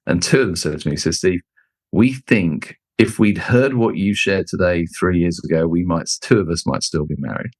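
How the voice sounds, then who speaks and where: Middle-aged male guest, slightly low voice, expressive anecdote teller, dry close mic. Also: normal speed, dry recording. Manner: expressive, acts out quoted people with jumps in pitch. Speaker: guest, leadership author and speaker. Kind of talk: animated storytelling in conversation.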